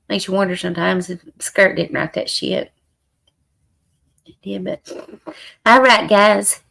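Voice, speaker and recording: A hoarse middle-aged woman, hosting a casual livestream chat with viewers and laughing often. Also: medium pitch, fairly bright tone. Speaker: livestream host.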